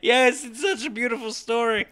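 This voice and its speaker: Bright, teasing male co-host. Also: very high voice. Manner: joking, teasing, quick wisecracks. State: tired, yawning. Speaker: podcast co-host. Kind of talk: casual chat.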